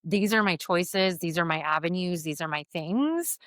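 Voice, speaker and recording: Woman podcast host, counselor, lowish voice, reflective, dry close recording. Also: moderate pace, no echo. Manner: thoughtful, often adds "like" and "right?". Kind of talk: reflective conversation.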